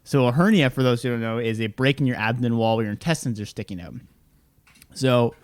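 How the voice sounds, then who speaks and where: A man's voice: mid-range voice, fast, no room sound. Man rambling through a story, dry mic. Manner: rambling anecdote with acted quotes and frequent fillers. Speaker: podcast co-host. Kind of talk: casual chat, storytelling.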